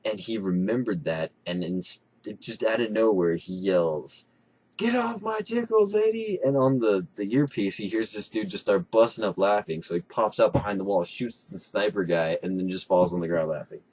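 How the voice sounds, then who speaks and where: Young man, low voice, casual storyteller, animated and profane. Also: moderate pace, hardly any pauses. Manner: excitable, swearing, laughing storyteller. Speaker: co-host.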